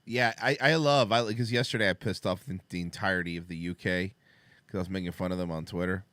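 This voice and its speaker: A man co-hosting a casual talk show, reacting to a video in a brash, profane way and swinging between loud and low. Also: steady tone, fast talker, no room sound. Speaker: podcast co-host.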